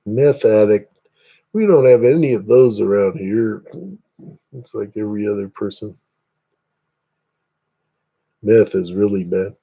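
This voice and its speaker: A man's voice: fairly low pitch, creaky, dark tone, dull audio. A man from Indiana hosting a casual livestream, rambling chattily and greeting viewers by name. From Northeast Indiana, USA. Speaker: livestream host.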